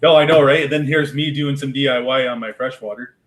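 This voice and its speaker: A man talking in a relaxed, slightly boastful way in a casual aquarium chat. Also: medium pitch, quick pace, rough recording. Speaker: aquarium hobbyist co-host.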